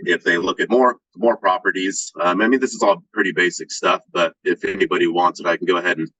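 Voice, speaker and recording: A man presenting examples in a training call, hesitant and filling pauses with "you know" and "um". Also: deep voice, fairly even intonation, sharp tone, husky, no echo, low-quality recording. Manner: hesitant, many fillers.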